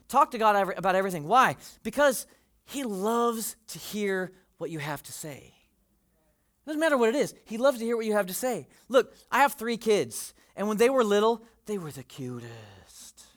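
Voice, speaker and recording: A man in his forties preaching a sermon in a conversational, animated way, acting out the voices he quotes. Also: sits high, moderate pace. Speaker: pastor.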